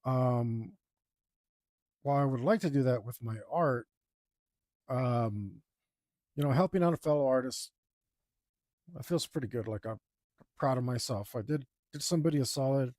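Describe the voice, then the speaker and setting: A man chatting casually as he works on his art, rambling and joking at his own expense, with loud groans at the dull parts. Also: mid-range voice, normal speed, pauses often, no echo, clean studio sound. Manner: rambling, self-deprecating, groans and sighs aloud. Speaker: artist streaming his drawing process. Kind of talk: casual talk while working.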